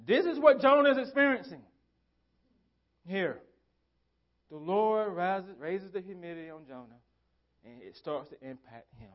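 A pastor preaching a sermon in a church, driving points home with emphatic repeated phrases. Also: male voice, high-pitched, lively intonation, measured pace, pauses often, lo-fi sound. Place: church sanctuary.

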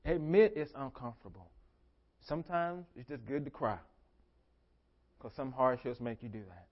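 A man preaching a sermon as pastor, emphatic, repeating his phrases and swinging between soft and loud delivery. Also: medium pitch, normal speed, muffled recording.

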